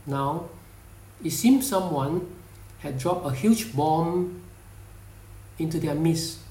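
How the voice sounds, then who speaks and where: Male narrator, unhurried storybook read, roomy and distant sound. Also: a little high, mellow. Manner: measured, deliberate. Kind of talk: storybook reading. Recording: echoey room, distant mic.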